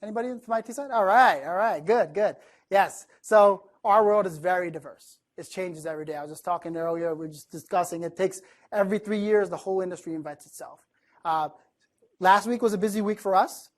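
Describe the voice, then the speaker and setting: A man from the East Coast of the United States gives a keynote talk to a room of listeners in a chatty, lively, conversational way, often asking the audience questions. His voice sits high, and his pace is fairly quick.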